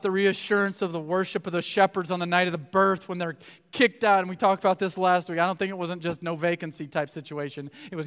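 A man preaching a sermon as pastor, animated, acting out quoted voices with big swings from quiet to loud. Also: sits high, fairly quick, smooth. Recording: reverberant hall.

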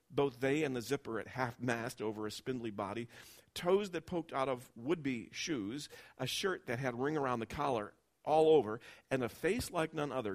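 A man in a sermon reading a first-person story aloud, telling it expressively and going soft and low at tender moments.

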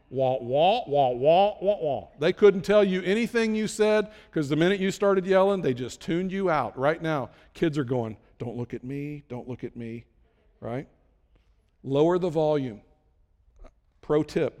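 A man preaching a conversational sermon as a pastor, emphatic, with sudden loud bursts. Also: on the high side, in a large hall.

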